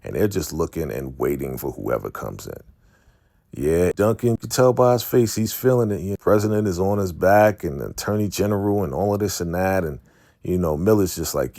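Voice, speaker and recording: A man's voice: deep voice, lively intonation, brisk, mellow, dry recording, clean studio sound. A man casually recapping a TV episode for his viewers, chatty and calling them family. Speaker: recap host.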